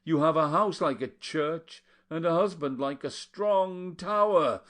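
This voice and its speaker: A weary older woman, as a man reading aloud puts her on, speaking slowly and sadly in a raised voice. Her lines drag with melancholy and rise into higher, plaintive pitches. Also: fairly bright tone. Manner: slow, sorrowful pleading.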